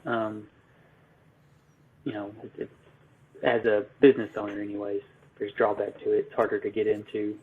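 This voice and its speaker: A man, an electrical business owner, answering interview questions in a halting way full of ums and restarts. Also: on the low side, flat delivery, a little hiss or hum. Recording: phone-like narrow line.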